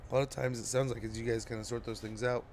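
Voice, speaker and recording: A sleepy man chats his way through a strategy game on a live stream, rambling loosely to viewers. His voice sits at an ordinary middle pitch, with faint room noise behind him. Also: little pitch movement, fast talker, darkish tone. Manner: chatty and rambling, talking to chat while playing. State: drowsy. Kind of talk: casual gameplay commentary.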